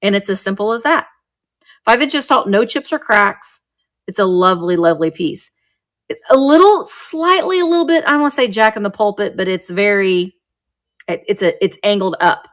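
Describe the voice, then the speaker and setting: A woman's voice: medium pitch, animated, normal speed. Chatty woman selling vintage live. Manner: chatty, bubbly, describes items as she handles them. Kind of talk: live sales stream.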